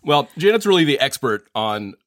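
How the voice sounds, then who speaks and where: Male podcast host, deadpan know-it-all, dry close mic. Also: mid-range voice, moderate pace, dry recording. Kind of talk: casual comedic chat.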